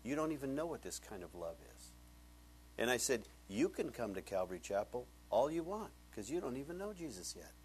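A middle-aged male pastor giving a conversational sermon, telling stories and swinging from hushed asides to loud emphatic points. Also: medium pitch, big pitch swings, fairly quick, slight background noise.

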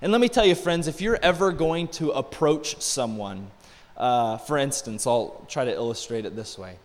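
A man's voice: medium pitch, normal speed. A middle-aged male pastor preaching a sermon in a church, in a conversational way, with asides and rhetorical questions. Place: church sanctuary. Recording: long hall reverb.

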